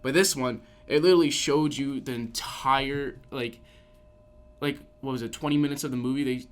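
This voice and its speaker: A man's voice: medium pitch, steady tone, moderate pace, smooth. A man co-hosting a podcast, chatting casually about films in long, rambling sentences full of restarts. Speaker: podcast co-host. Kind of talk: casual chat.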